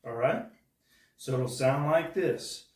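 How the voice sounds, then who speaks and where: A man's voice: mid-range voice, takes it slowly, heavy background noise. Patient man counting drum rhythms. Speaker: drum instructor. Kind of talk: step-by-step drum lesson. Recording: echoey room from far off.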